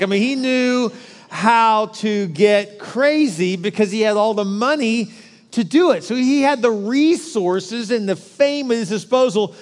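A man's voice: high voice, big-room sound. A man preaching a sermon in a joking, conversational way, with asides to the congregation. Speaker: pastor.

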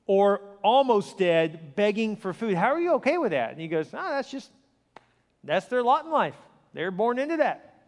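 A high-pitched male pastor delivers a sermon, leaning into his stories with earnest emphasis. His voice carries through a large church hall with a long, lingering reverb. He sounds like a preacher addressing his own congregation.

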